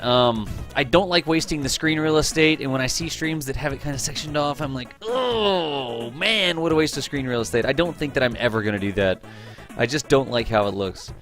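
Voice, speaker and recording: A man's voice: fairly high pitch, fairly bright tone. A man hosting a live game stream, chatting casually with his viewers, greeting them by name, teasing them and laughing often.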